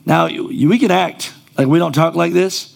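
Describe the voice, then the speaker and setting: A man's voice: a little high, moderate pace, vocal fry. A male pastor preaching a sermon in a church, conversational and then rising to emphatic exclamations.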